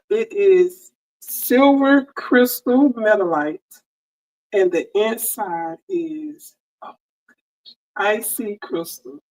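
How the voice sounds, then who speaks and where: A woman's voice: fairly high pitch, rough recording. A woman hosting a casual sewing livestream, chatty and friendly, greeting viewers by name, on a headset mic. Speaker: livestream host, sewing crafter. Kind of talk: casual live-stream chat greeting viewers.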